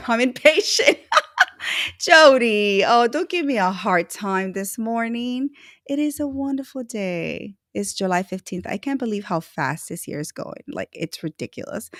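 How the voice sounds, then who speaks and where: A woman hosting a live online show, chatting warmly with viewers, effusive and quick to laugh. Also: on the high side, dry recording, studio quality. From Chile. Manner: bubbly, effusive, laughs often. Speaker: livestream host. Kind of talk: casual livestream chat.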